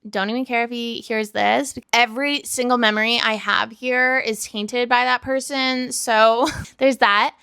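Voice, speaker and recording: Young woman vlogging, lots of vocal fry, kinda high voice, super chatty and candid, says like a lot. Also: fairly even intonation, unhurried, sharp tone, dry recording, studio quality. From Vancouver, Canada. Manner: chatty, lots of "like" fillers, candid and self-mocking. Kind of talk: casual confessional vlog. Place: indoors by a window.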